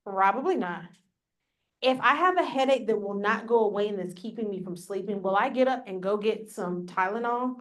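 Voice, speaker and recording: A woman's voice: mid-range voice, normal speed, a bit bright. A woman leading a live business workshop, coaching the room in an upbeat, direct way. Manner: upbeat, coaching, speaks straight to the audience. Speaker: workshop presenter. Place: conference room with a live audience. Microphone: on a mic, recorded for a hybrid audience.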